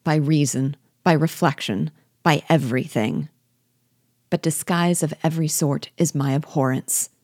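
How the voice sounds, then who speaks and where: A woman reading the lines of a proud, wealthy gentleman in a formal, clipped, disdainful manner. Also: low voice, a little slow, dry recording, studio quality.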